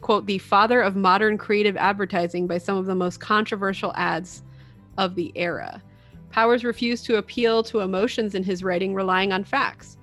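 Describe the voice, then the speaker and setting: A woman's voice: mid-range voice, fairly bright tone. A young adult woman co-hosting a podcast, reading out facts in casual chat. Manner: reads facts, then chimes in with quick reactions. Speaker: podcast co-host.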